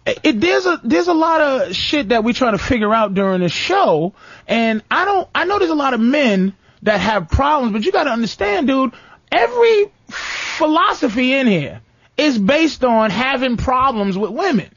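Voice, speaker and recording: Talk show host guy, high husky voice, crude animated rant, muffled dry sound. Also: moderate pace, dry recording. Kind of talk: profane comedic radio rant.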